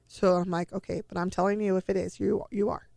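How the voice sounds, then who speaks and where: A woman's voice: medium pitch, flat delivery, fast talker, gravelly, warm tone, no room sound. A middle-aged woman telling her own family story in a personal, emotional way, acting out the dialogue she quotes.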